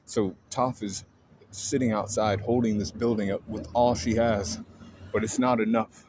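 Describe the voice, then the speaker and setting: A man's voice: lowish voice, fairly even intonation, a little slow, noisy background. A man casually retelling a story in a loose, rambling way, full of fillers and swearing.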